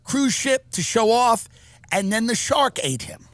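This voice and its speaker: A male podcast comedian riffs in a sarcastic, animated rant. His voice is high and bright and swings widely in pitch. The recording is dry and close. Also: a little slow, no echo. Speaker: podcast host.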